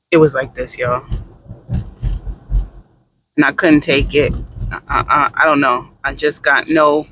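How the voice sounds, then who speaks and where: A man doing sassy, animated gossip commentary in a casual vlog, with dramatic asides. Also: a little high, measured pace, long pauses, a little hiss or hum. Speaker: vlogger.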